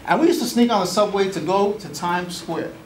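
A man's voice: high-pitched, a little fast, a little hiss or hum. A man in his forties telling comic stories on stage, with a playful, wry manner. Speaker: solo performer.

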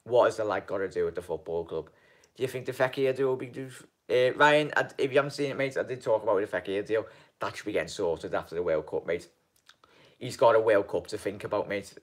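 A man hosting a fan channel live stream, chatting casually and rambling through viewers' comments with lots of ums and "mate". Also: on the low side. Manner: rambling and halting, many ums, keeps calling viewers mate.

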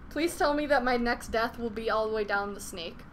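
A woman's voice: a little high, a bit bright, slight background noise. A young woman chatting casually on a live gaming stream, swearing freely and venting frustration between laughs. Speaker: game streamer.

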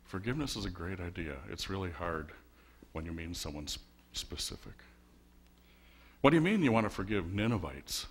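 A male pastor delivers a sermon in a low voice. He keeps it wry and conversational and works the congregation with rhetorical questions. He speaks from a church sanctuary. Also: sing-song, moderate pace, long pauses, slightly rough.

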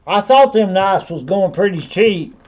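A man with a Southern US accent runs a live online auction in a high, animated, unhurried voice, and the audio sounds dull. His live-stream patter rambles in a folksy way as he calls viewers by name.

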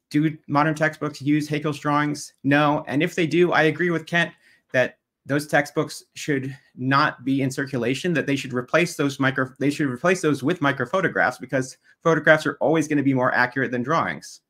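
A man's voice: mid-range voice, a bit bright. A man giving a debate opening statement, working methodically through prepared slides and making pointed jabs at his opponent.

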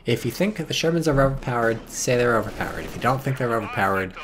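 A man's voice: medium pitch, lively intonation, fast talker, noisy background. A man streaming a strategy game, talking in a rambling, profane, sardonic way and reading out chat messages. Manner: reads chat messages aloud. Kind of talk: casual live-stream commentary.

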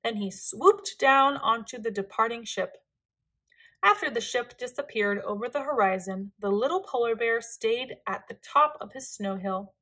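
Female storyteller for a kids' read-aloud, bright tone, measured and clear. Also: a little high, expressive. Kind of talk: children's read-aloud narration.

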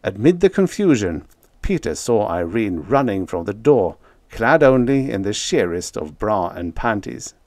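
A man narrating a vintage science fiction short story in a scripted, expressive storytelling style. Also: on the low side, a little slow, no room sound. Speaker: audiobook narrator.

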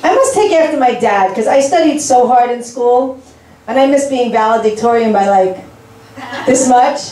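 A woman in her forties performing a stand-up set of deadpan, self-mocking one-liners in a comedy club. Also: on the high side, normal speed, a little hiss or hum. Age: 40s. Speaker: stand-up comic. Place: club stage with audience. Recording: echoey room, from a distance.

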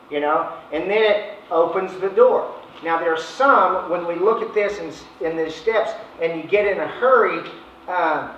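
A man's voice: high voice, moderate pace, slight background noise. A man leading a sales training session, talking in a folksy, casual way and acting out phone chats. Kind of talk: informal training talk. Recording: echoey, distant, dull room recording.

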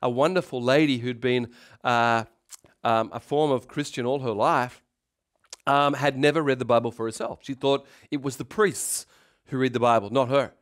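A middle-aged male pastor giving a sermon in an animated preaching manner, acting out voices and calling out loud. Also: medium pitch, moderate pace.

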